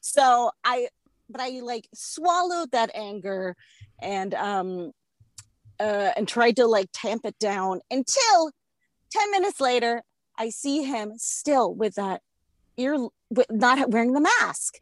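A woman in her thirties with a somewhat high voice tells a comic story in casual chat, swearing freely and laughing at herself. She swings from low mutters to loud bursts as she acts out the scene. The recording is close and dry, with no room sound. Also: takes it slowly, dry recording. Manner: profane, self-mocking, animated storyteller.

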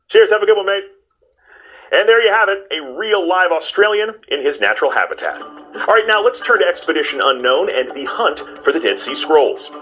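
A man in his forties with a higher, very animated voice, hosting with playful jokes and quick banter. Music plays clearly underneath. He switches easily between chat and narration. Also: highs cut off. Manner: playful, joking, lively delivery. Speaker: host. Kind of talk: energetic TV host chat and narration.

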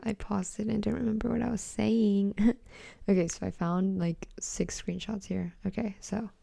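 A woman's voice: mid-range voice, gravelly, mellow, dry recording. A teenage girl hosting a casual solo podcast, reading texts aloud in a giggly, blunt way and swearing freely. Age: teens. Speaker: podcast host.

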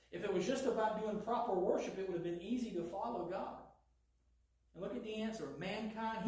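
A man preaching a sermon in an animated way, taking on a sarcastic edge when he voices God's lines. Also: high-pitched. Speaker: pastor. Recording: echoey hall, voice from far off.

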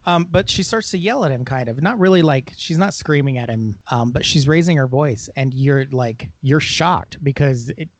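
A man co-hosting a podcast, talking casually about a film in a relaxed way, with fillers and playful asides. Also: mid-range voice, moderate pace, few pauses, no echo. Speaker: podcast co-host.

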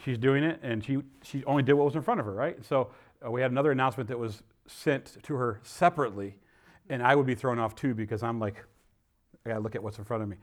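A pastor giving a conversational sermon, often pausing on fillers and growing emphatic when he quotes scripture. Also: mid-range voice. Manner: conversational, rambling with fillers and restarts.

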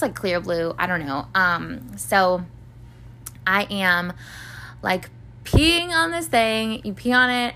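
In a mid-range, slightly bright voice, a young female podcast host tells a personal story casually and meanderingly. She loads it with filler words, curses freely, and acts out what others said.

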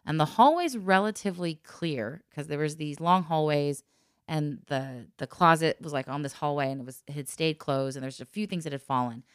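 A woman with a low voice tells a personal story in relaxed, casual talk. She sounds lively and laughs often, slipping into the voices of the people she quotes. The sound is close and dry, with no room around it. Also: moderate pace, clear, resonant tone, no echo. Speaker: guest telling a personal story.

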